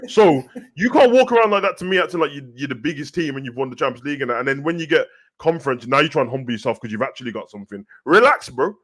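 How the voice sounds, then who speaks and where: A man with a Birmingham accent, co-hosting a casual football chat and talking in an animated, slang-heavy way. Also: medium pitch, fast talker. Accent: Birmingham English. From Birmingham, England. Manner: animated, slangy, repeats "bruv". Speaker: co-host.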